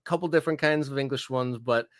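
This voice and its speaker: A man guest co-hosting a live sports talk show, relaxed and hesitant with many fillers. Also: mid-range voice, fast, no room sound, clean studio sound. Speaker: guest co-host.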